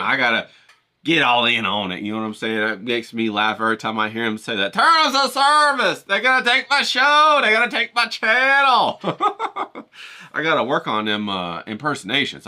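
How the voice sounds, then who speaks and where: Addressing his viewers straight on, this painter and vlogger jokes around and rambles, cursing freely in a casual to-camera talk. His voice is fairly low with a sharp tone.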